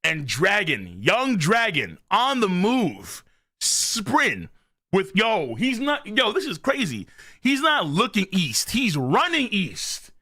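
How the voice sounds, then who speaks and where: A male streamer reacting live to a new manga chapter. He is excitable and curses freely, rambling and repeating himself. His voice is bright, high and very animated, with big pitch swings. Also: slow.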